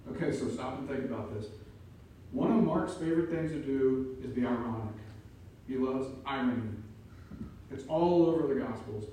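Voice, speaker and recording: A man preaching an emphatic sermon as pastor, building to loud peaks. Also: medium pitch, moderate pace, a little hiss or hum. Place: church sanctuary. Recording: echoey room from far off.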